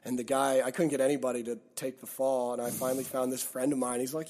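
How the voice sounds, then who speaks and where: A man's voice: medium pitch, quick pace. A man, a touring musician, telling stories in a casual interview and acting out the people he quotes. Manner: animated, acts out quoted people in his stories.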